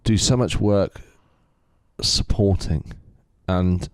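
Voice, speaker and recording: Relaxed low-voiced English podcaster. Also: male voice, slow, smooth, no room sound, studio quality. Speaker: podcast co-host. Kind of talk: casual podcast chat.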